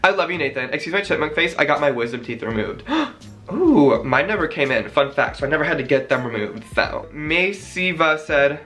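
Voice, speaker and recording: A man's voice: fairly high pitch, pushed and bright. A young man reading out fan messages in a gushing, dramatic casual chat. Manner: gushing, dramatic, quick gasps and sighs.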